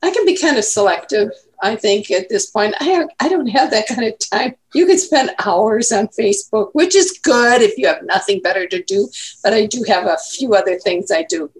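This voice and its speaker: A woman's voice: medium pitch, animated, moderate pace. A woman in her eighties, chatting casually as an interview guest and telling rambling stories. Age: 80s. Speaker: guest grandmother.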